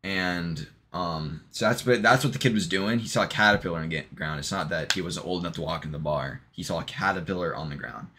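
A man with a very low voice tells a long story in a loose, meandering way. He stops and restarts often, fills gaps with ums and drops the occasional swear word. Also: a little fast, hardly any pauses, sharp tone, a little hiss or hum. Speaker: vlogger. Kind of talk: casual rambling monologue retelling a joke.

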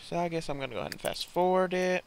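A man's voice: high-pitched, fast talker, gravelly, a little hiss or hum. A young man hosting a casual gameplay let's play, often exasperated and scolding the characters he controls.

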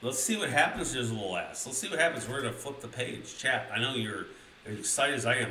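A young man streaming a crude comedic storybook reading, excitably addressing his chat. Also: medium pitch, quick pace, distant mic. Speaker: streamer reading a children's book. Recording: roomy, a little off-mic, faint noise.

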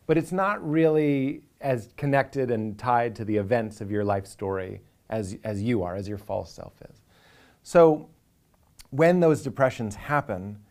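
A man in his thirties with a voice of middle pitch speaks in a reflective interview monologue. He sounds earnest and animated, and he slips into playful inner voices for comic effect. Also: measured pace. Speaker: comedian.

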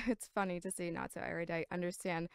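Brief: woman essay narrator, calm and analytical, smooth lower voice. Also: no room sound, clean studio sound. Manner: measured, analytical. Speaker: commentary narrator.

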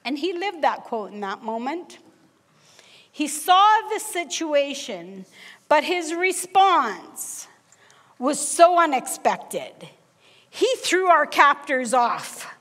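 Woman preacher, middle-aged, high voice, unhurried storytelling, church reverb. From Canada. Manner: animated storyteller, acts out dialogue. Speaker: guest preacher. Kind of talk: sermon with personal storytelling. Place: church sanctuary.

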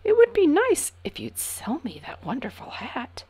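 A woman's voice: high-pitched, wildly swooping pitch, moderate pace, darkish tone, pitched above the performer's own voice. A woman reading a storybook aloud and voicing a stern, commanding king who exclaims with delight. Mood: regal.

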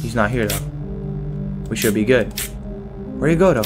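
A chatty man streaming a horror game, his voice sitting at an ordinary middle pitch. He talks without pause, jumpy and quick to panic, with game music playing behind him. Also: lively intonation. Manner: nonstop chatter, jumpy and panicky with sudden yelps. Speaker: gaming streamer. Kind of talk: horror game let's play commentary.

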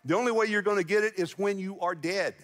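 A man with a fairly high voice preaches to a congregation, spinning a folksy, joking story and laughing between lines. His voice rings through a large church hall with a long echo. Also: fast talker, fairly bright tone. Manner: folksy storytelling with jokes and chuckles. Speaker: pastor. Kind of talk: sermon. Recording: big reverberant church hall.

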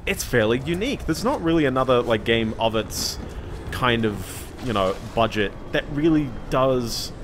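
A man's voice: mid-range voice, animated, normal speed, noisy background. A man streaming a game, giving rambling, chatty commentary full of fillers and small laughs. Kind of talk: casual gameplay commentary. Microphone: desk microphone.

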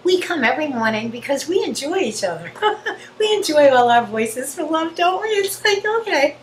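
A woman earnestly sharing spiritual reflections with a group, gently telling a personal story. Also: high voice, lively intonation, moderate pace, echoey room, a little hiss or hum, rough recording. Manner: earnest, gentle, quotes herself in dialogue.

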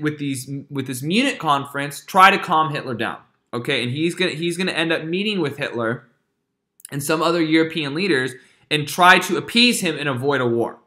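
Casual, bright-voiced male history teacher who checks in often as he lectures. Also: a little high. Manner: casual and chatty, with frequent check-ins.

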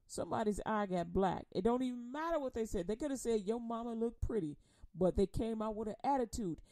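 A woman preaching a casual sermon, chatty and laughing often, acting out quoted voices and reading scripture slowly. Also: on the high side, animated, mellow, dry recording. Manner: reads scripture slowly and deliberately. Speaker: radio preacher.

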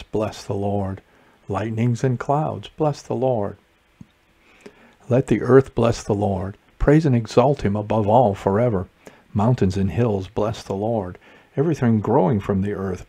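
A man leading morning prayer, reciting psalms and responses in a measured liturgical way. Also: fairly low pitch, dark tone, slightly rough. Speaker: prayer leader.

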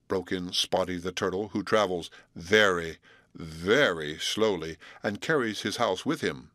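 A man reading a children's storybook aloud as audiobook narrator, expressive. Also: sits low, measured pace, no echo, studio quality. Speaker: audiobook reader.

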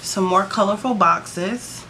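A woman's voice: medium pitch, slow, pushed and bright, a little hiss or hum. A woman vlogging a casual sticker book flip-through, chatty and gushing, with sassy playful asides to her viewers.

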